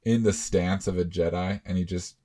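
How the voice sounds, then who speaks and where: A man's voice: deep voice, steady tone, normal speed, dark tone. A man co-hosting a casual podcast, joking and laughing as he reacts to movie talk. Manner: jokey, laid-back, laughs often. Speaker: podcast co-host.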